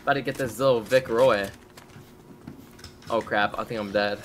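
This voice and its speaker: A young man co-streaming a shooter game, chatting casually in slang and shouting quick callouts during fights. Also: lowish voice, background noise. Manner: excitable, slangy, loud callouts. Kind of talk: casual gaming chat.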